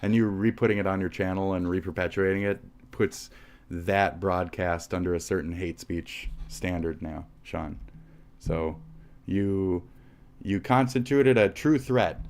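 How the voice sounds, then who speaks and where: Deep-voiced man ranting angrily. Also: unhurried, darkish tone. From United States. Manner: profane, rambling, combative. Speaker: live streamer. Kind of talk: angry live-stream rant.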